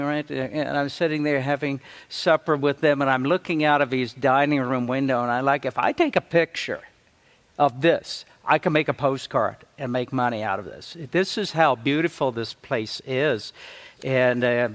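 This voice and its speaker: A man's voice: mid-range voice, a bit bright. Africa-born guest pastor, man, preaching. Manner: storytelling, acts out church members' voices. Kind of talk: sermon.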